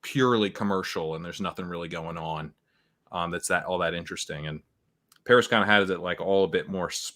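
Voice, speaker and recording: Bright-voiced man chatting casually. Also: deep voice, brisk. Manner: rambling, lots of fillers and laughs. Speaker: fantasy football podcast host. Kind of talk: casual live stream chat.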